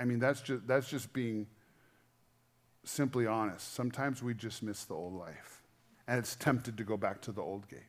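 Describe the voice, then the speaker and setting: A middle-aged man preaching a sermon as pastor, earnest and conversational, shifting between quiet, intimate moments and louder emphasis. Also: mid-range voice.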